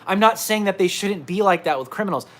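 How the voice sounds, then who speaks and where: A man's voice: high-pitched, expressive, fast talker. A man reporter ranting emphatically in a livestream monologue from indoors at his laptop, repeating himself. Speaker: independent reporter.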